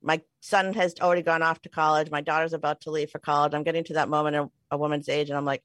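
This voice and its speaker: Chatty, laughing woman with a low voice. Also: steady tone, a bit bright, no echo. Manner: chatty, self-deprecating, quick to laugh. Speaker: podcast co-host. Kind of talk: casual storytelling chat. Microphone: remote call mic.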